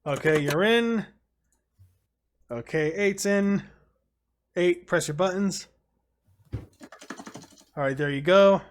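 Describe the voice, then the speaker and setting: A man's voice: high voice, slow, pauses often, a little hiss or hum. A man hosting a casual gaming stream, swearing casually as he directs players. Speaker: stream host.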